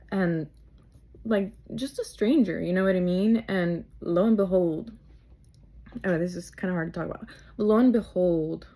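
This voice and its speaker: A young adult woman hosting a podcast, telling a personal story in a candid, halting way with many fillers and restarts. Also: on the low side, dark tone. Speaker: podcast host.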